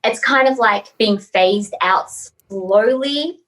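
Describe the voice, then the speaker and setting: Woman from australia, podcast guest, higher voice, animated storytelling, giggly, lots of fillers. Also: slow, crowd noise, rough recording. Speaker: interview guest. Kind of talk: casual podcast interview.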